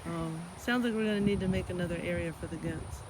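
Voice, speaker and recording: A woman's voice: on the low side, fast. Chatty woman vlogging outdoors, noisy. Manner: chatty, storytelling, talks to animals. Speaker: chiropractor vlogger. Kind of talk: casual vlog narration. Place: outdoors on a ranch and in a car.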